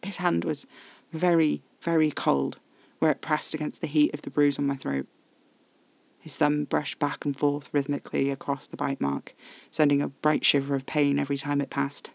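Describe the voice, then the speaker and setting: Give me a man narrating horror fiction, hushed and tense, with a gravelly voice. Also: a little high, monotone, normal speed, no room sound. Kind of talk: first-person horror audio drama narration.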